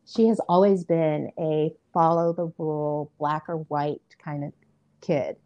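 A middle-aged woman with a low, mellow voice shares a story as a podcast guest. She talks in an earnest, easygoing way and uses plenty of fillers. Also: steady tone, measured pace, muffled recording. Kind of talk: casual storytelling in an interview.

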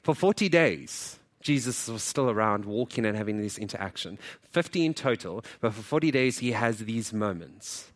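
A man preaching a sermon as pastor, in a lively, conversational way, often acting out what people in the story say and joking with the congregation. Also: lowish voice, moderate pace. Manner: animated, acts out quoted dialogue.

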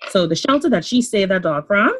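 A woman's voice: medium pitch, animated, a little fast, slightly rough, rough recording. A woman co-hosting a podcast who makes her points emphatically in casual discussion. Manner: emphatic, opinionated. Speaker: podcast co-host.

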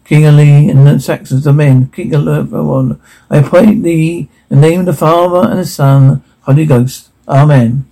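A man reading audio description, voicing sound cues and dialogue in a flat, even way. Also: fairly high pitch, moderate pace, vocal fry, rough recording.

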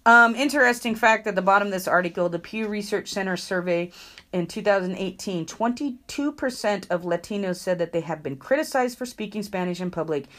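A woman co-hosting a casual chat show, animated and quick to laugh. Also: mid-range voice. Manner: animated, laughs often, acts out voices in quotes. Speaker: podcast co-host.

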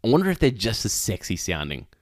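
Lively laughing male podcast co-host. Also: on the low side, fast talker, no echo, studio quality. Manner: animated, laughs often, many fillers. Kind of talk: casual chat.

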